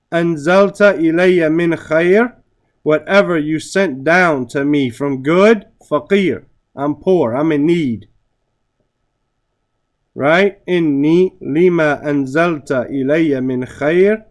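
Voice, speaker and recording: A man teaching a class on Arabic grammar, reciting Arabic phrases and translating them, often checking in with "right?". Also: on the high side. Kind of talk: classroom lesson.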